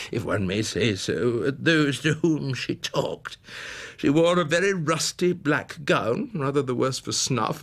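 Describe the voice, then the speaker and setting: A man narrating in a theatrical one-man storytelling style. His husky voice ranges widely, dropping into whispers and climbing to ringing exclamations. His voice sits slightly high for a man. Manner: dramatic, swinging from whispers to rising exclamations. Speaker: narrator and performer.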